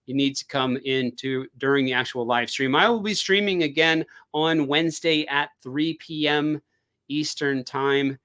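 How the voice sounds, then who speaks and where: A man's voice: fairly high pitch, unhurried, pushed and bright. Chatty man hosting a live stream. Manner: chatty and rambling, with frequent fillers. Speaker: crypto live stream host. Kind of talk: casual live stream chat.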